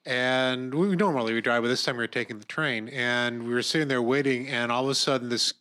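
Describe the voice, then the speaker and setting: A middle-aged man hosting an interview, telling a personal story in a lively, animated way. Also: brisk. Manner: animated storyteller, rises in pitch when worked up. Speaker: interviewer host.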